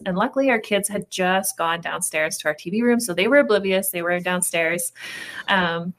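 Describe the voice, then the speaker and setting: A woman in her thirties, a podcast guest, telling a story in a lively casual way and acting out the people in it. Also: mid-range voice, normal speed. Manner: lively, acts out quoted voices while telling a story. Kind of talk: animated storytelling in casual chat.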